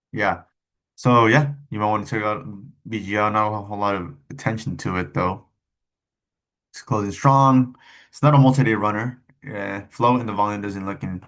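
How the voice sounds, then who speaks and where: A young man giving casual, rambling commentary on stock charts, cussing and tossing in quick asides. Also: on the low side, vocal fry, a bit bright. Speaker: stock trading streamer.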